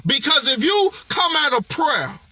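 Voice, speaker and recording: A man delivering an impassioned motivational message, blunt and confrontational in a preacher-like way, often raising his voice to a shout. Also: extremely high pitch, very animated, measured pace, no echo. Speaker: motivational speaker.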